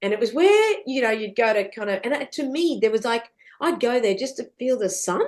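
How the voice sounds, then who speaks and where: A middle-aged woman talks as a podcast guest in an animated, storytelling way. She swears casually and laughs often. Her voice sits a little high and swings widely in pitch. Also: fairly quick.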